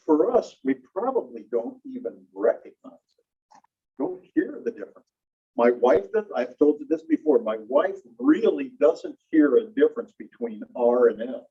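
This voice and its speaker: A middle-aged man teaching a language class in a chatty, animated way, often asking the class questions. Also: medium pitch, husky, muffled recording. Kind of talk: classroom lecture.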